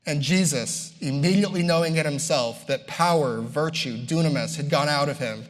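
A man preaches with emphatic, repeating build-ups, breaking into casual asides between points. His voice sits a little higher than most men's. A long reverb trails every phrase, as in a large hall. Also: moderate pace. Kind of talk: sermon.

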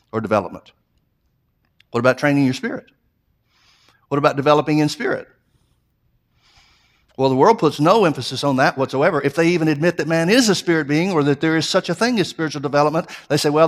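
A man preaches an earnest sermon in a slightly high voice. He restarts his phrases often and builds emphasis as he goes. His delivery is that of a pastor addressing his congregation. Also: fairly bright tone. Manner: repeats himself, restarts phrases.

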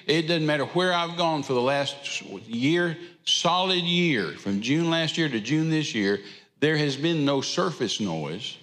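A man's voice: on the high side, lively intonation, a little slow, fairly bright tone, long reverb tail. A man, preaching an informal, rambling sermon in a church and repeating phrases for emphasis. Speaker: traveling preacher. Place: church sanctuary.

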